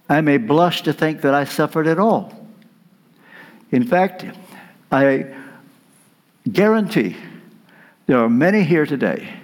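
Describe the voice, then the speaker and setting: A man delivering a sermon as a guest preacher, telling a story with dramatic pauses. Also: on the high side. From United States.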